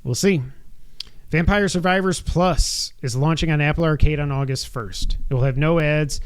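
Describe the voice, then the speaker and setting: A man's voice: on the high side, normal speed, clear, resonant tone. A man co-hosting a gaming podcast, reading news items in a casual chat and adding wry, opinionated asides. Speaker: podcast co-host.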